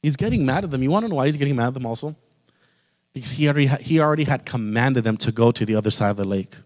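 A man's voice: mid-range voice, animated, rapid-fire. A man preaches with fervor, calling out directly to the congregation in front of him. His voice sits in an ordinary middle register, and it rings out with the long reverb of a church hall. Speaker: pastor. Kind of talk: sermon. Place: church sanctuary.

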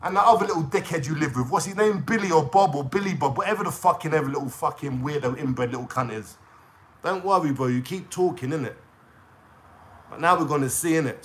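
A man's voice: fairly high pitch, expressive, quick pace. A young man with a London accent, venting a profane, confrontational call-out rant straight to camera in street slang. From England. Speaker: YouTuber.

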